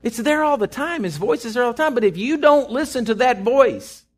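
A middle-aged man with a Texan accent, preaching a sermon in a folksy storytelling way, swinging from loud to hushed. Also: very high voice, lively intonation, brisk. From Texas. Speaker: pastor.

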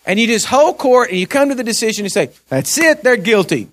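Man, pastor, sermon, high voice, earnest, hushed then rising, repeats himself. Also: sing-song, a little fast. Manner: earnest preaching, swings from hushed storytelling to raised exhortation; repeats words and restarts when pressing a point.

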